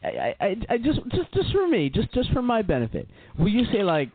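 A man's voice: high voice, wildly swooping pitch, a little fast, phone-quality sound, slight background noise. A man co-hosting a podcast, needling his partner with incredulous questions in joking banter. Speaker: podcast co-host.

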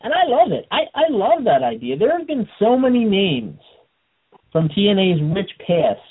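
A man hosting a wrestling radio talk show, energetic and quick to laugh. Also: high-pitched, breathy edge. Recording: phone-like radio audio.

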